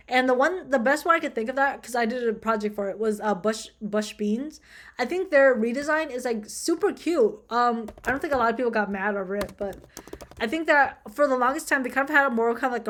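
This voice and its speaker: A young woman chatting casually as she reacts to designs, full of fillers and easy swearing. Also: a little high. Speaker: vlogger. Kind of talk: casual commentary video.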